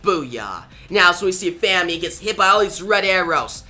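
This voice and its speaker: A man's voice: high voice, fairly even intonation, a little fast, sharp tone, faint music behind. A man retelling a comic book issue in a loose, casual way, starting most lines with "now". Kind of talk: casual comic recap narration.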